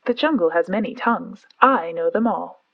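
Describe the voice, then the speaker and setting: A woman voicing a boastful, sulky young boy raised in the jungle, speaking in a raised, excited way in a storybook reading. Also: on the low side, normal speed, gravelly, dull audio. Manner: excited, raised, show-off talk.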